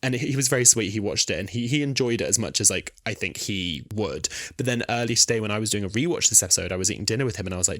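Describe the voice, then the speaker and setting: Animated young man, podcast co-host. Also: rapid-fire, few pauses, no room sound, clean studio sound. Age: 20s. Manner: animated, acts out quotes in high put-on voices. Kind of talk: casual chat.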